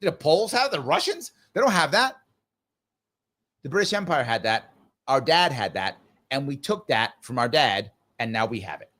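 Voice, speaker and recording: A middle-aged man with a medium-pitched voice hosts a live political discussion at a moderate pace. Emphatic and animated, he keeps returning to the same points to drive them home.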